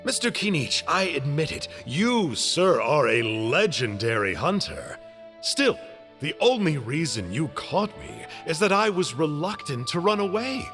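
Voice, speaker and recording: Chirpy sly game villain, swoopy lively voice, chatty and polite. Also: male voice, a little high, unhurried, soft background music, heavily acted. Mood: cheerful. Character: chirpy cheerful man of a sinister order.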